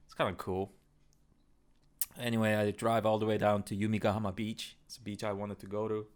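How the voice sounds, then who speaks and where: A man's voice: fairly low pitch, level tone, fairly quick. A man in his thirties telling a travel story in a casual, rambling, profane way. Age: 30s. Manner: profane, rambling, laid-back. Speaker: travel vlogger.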